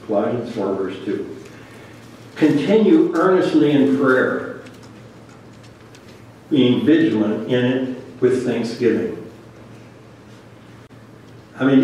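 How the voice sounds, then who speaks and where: A man's voice: mid-range voice, a little mellow, dull audio, a little hiss or hum. A man preaching a sermon, reading scripture aloud and then commenting on it earnestly. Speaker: pastor. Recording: very echoey room, voice from a distance.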